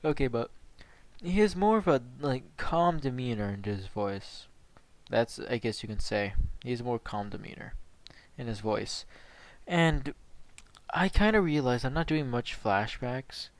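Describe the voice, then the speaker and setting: A man's voice: mid-range voice, lively intonation, unhurried, no echo. Rambling, profane male storyteller, dry sound. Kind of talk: casual improvised fan-fiction narration.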